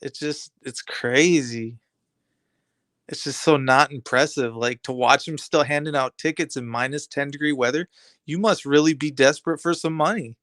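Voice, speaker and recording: A man's voice: on the high side, moderate pace, a bit bright, dry recording, studio quality. A man hosting a live stream, chatting casually and rambling to his viewers in streetwise slang.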